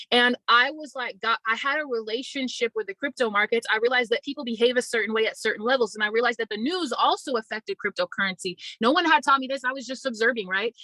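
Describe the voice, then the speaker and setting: A woman's voice: a little high, pushed and bright, no room sound, poor audio. A woman in her twenties hosting an online community, talking casually and motivationally to her viewers, calling them y'all. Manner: chatty, testimonial, addresses viewers as y'all. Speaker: online business community host.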